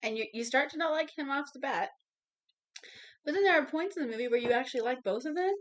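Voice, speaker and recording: A woman's voice: sits high, quick pace. A woman co-hosting a podcast, chatting casually about a movie, swearing freely and finishing her co-host's sentences. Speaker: podcast co-host.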